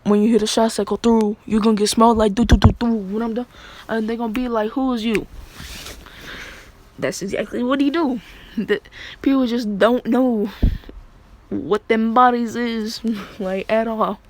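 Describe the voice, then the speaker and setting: A woman's voice: on the high side, fairly even intonation, moderate pace, a little mellow. A woman casually retelling a fan story in a rambling, crude way, often breaking into laughs.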